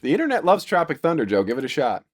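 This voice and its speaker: A man's voice: a little high, huge pitch swings, rapid-fire. Wry, teasing man with a noisy mic. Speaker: podcast co-host. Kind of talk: casual banter. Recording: audible background noise and clicks.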